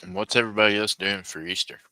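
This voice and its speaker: A man's voice: on the low side, fairly even intonation, fast talker, bright, forceful tone, no room sound. A man hosting a live online auction and chatting with viewers in a folksy, laid-back way. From United States. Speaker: livestream auction host. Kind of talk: casual live-stream chat with viewers.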